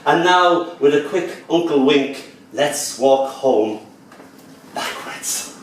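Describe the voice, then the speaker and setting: A man, a poet and event host, giving a lilting live poetry reading in a bar, with soft, hushed passages. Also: a little high, lively intonation, takes it slowly, recorded from a distance, slight background noise. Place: bar venue. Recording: echoey room recorded from afar.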